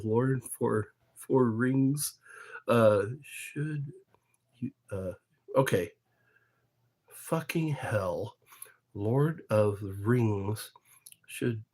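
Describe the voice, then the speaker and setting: A man hosts a livestream, his medium-pitched voice carrying a darkish tone. He chats casually, rambling from topic to topic with chuckles.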